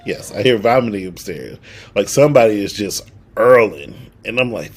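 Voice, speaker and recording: A man's voice: on the low side, normal speed, slightly rough. A young man, casually telling a story on a podcast and acting out the quotes. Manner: animated storyteller, acts out quotes. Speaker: podcast co-host.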